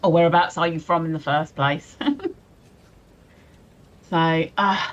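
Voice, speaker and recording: A woman's voice: sits low, fairly even intonation, takes it slowly, highs cut off. A woman co-hosting a casual live stream, giggling often as she reads viewers' messages aloud. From England. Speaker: stream co-host.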